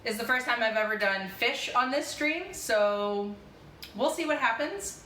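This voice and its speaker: A woman hosting a casual cooking livestream from her home kitchen, loose and quick to laugh, swearing casually. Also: fairly high pitch, expressive, sharp tone. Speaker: cooking stream host. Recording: echoey kitchen, distant mic, faint hiss.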